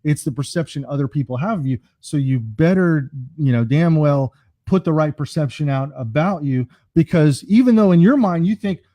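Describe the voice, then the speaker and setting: Guest brand strategist, man, animated storyteller, mellow and warm, dry close sound. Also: fairly high pitch, moderate pace, no echo. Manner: animated storyteller, jokes around. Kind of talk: casual podcast interview.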